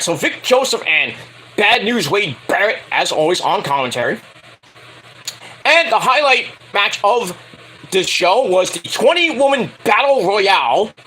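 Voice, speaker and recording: High, animated man recapping wrestling. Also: a little hiss or hum. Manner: rambling, profane, self-correcting. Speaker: wrestling show reviewer. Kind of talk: casual recap vlog.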